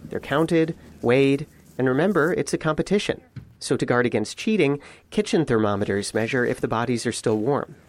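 A man reading a scripted radio news report in a measured, even storytelling way. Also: mid-range voice. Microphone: close studio mic.

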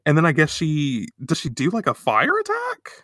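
Podcast host, woman, very lively pitch, dry close mic, loose and profane. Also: moderate pace, dry recording. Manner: animated, swearing, laughing often. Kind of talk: casual recap chat.

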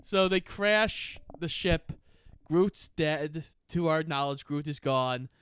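A man's voice: a little high, slow, a bit bright, smooth. A man in casual podcast chat, recapping a film's plot in a joking, teasing way. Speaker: podcast co-host.

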